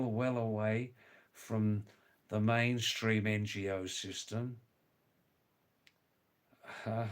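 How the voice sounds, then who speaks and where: Older man, slow unhurried talk, livestream host, repeats himself, spells names out. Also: on the low side. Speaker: livestream host reading viewer comments. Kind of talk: casual chat.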